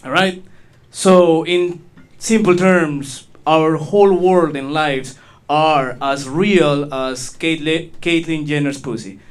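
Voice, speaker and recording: A man's voice: on the high side, takes it slowly, smooth. A man from Peru with a Spanish accent performing a crude, rambling stand-up set. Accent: Peruvian Spanish. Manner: crude, rambling, self-mocking. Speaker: stand-up comedian.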